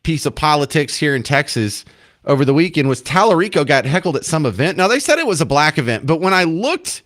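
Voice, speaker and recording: A man's voice: on the high side, big pitch swings, fairly quick, a bit bright. A male talk radio host commenting sarcastically and acting incredulous at clips.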